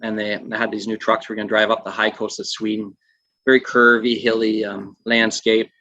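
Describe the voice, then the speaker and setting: A man, a trucking magazine editor, telling an animated anecdote in casual conversation. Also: lowish voice, a little fast, dry recording, highs cut off. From Canada. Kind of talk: casual storytelling.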